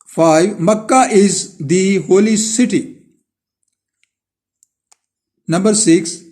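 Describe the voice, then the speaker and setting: Pakistani male teacher, slow classroom dictation. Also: fairly high pitch, warm tone. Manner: reads each blank aloud, then repeats the full sentence. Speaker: school teacher.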